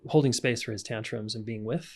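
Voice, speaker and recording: A man's voice: mid-range voice, brisk. A man talking frankly as a podcast guest, giving practical advice on raising and repairing with children. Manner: frank, animated, acts out parent voices. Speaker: guest, relationship coach. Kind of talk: podcast conversation.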